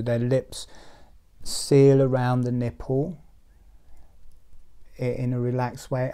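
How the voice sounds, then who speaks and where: A man giving guided breathing and relaxation instructions in a calm, soft-spoken way, often trailing into near-whispers. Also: medium pitch, creaky.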